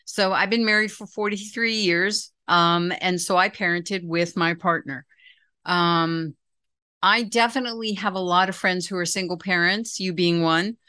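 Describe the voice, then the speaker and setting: A bright, forceful-sounding woman in her sixties talks earnestly as an interview guest. Her delivery is emphatic and encouraging, leaning on conviction. She sounds sure of every point. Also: on the low side, steady tone, a little slow, smooth, no echo, clean studio sound. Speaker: parenting guest. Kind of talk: conversational interview.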